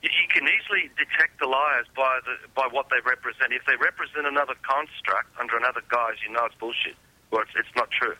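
A man's voice: medium pitch, fast, bright, forceful tone, dry recording, low-quality recording. A man talking insistently in a casual conversation, repeating and restarting words as he presses his points. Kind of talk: conspiracy talk.

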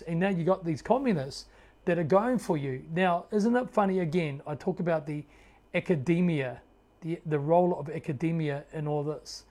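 Kiwi guy ranting on his video channel, sarcastic and fired up, kinda high voice for a man. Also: a little mellow. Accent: New Zealand. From New Zealand. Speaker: political commentator. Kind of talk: opinionated video commentary.

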